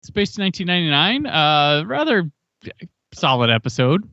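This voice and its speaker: Higher-voiced man recapping a plot. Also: very animated, normal speed, sharp tone, dry recording, lo-fi sound. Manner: reads plot summary, then jokes and chats. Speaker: podcast host. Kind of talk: casual podcast chat recapping an episode.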